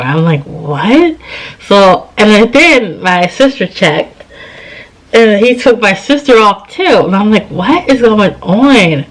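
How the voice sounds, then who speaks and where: A woman's voice: medium pitch, fairly bright tone, poor audio. A tired woman in her thirties telling a personal story to camera in a chatty way, acting out both sides of old conversations. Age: 30s. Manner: chatty, retells scenes with quoted dialogue. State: tired, yawning. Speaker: vlogger. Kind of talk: casual storytime.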